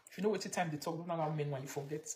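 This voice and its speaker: A woman's voice: low voice, rapid-fire, darkish tone, reverberant, slight background noise. A Nigerian woman giving gossipy, scolding commentary that mocks and lectures the viewer.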